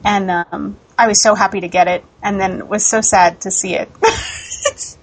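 A woman's voice: mid-range voice, fairly even intonation, normal speed, breathy edge, rough recording. A woman from Colorado co-hosting a casual podcast chat, laughing often as she talks. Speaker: podcast co-host.

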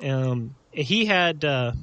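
A man's voice: mid-range voice, animated, very slow, fairly bright tone, dry recording. A man co-hosting a casual podcast chat, rambling with lots of fillers and laughs. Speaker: podcast co-host.

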